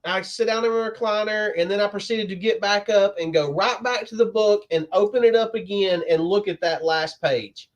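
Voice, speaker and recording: A man's voice: sits high, normal speed, hardly any pauses, muffled recording. A man co-hosting a comic book podcast, telling stories in a laid-back way. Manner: storytelling, laid-back with laughs. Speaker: podcast co-host. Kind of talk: casual comic book chat.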